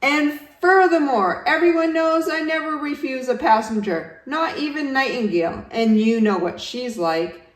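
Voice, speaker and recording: A woman voicing a cheerful, self-important yak taxi driver who never stops talking, rattling on fast and loud. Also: lightly acted. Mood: chattering. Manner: rattles on fast, loud and high-pitched, barely pausing. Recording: roomy, distant home recording.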